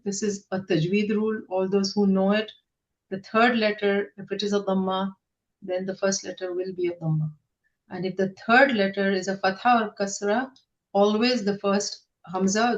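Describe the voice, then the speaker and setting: Patient woman teacher, slow drilled repetition. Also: mid-range voice, low-quality recording. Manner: patient, repeats words slowly to model pronunciation. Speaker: Quran Arabic grammar teacher. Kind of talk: recorded online lesson.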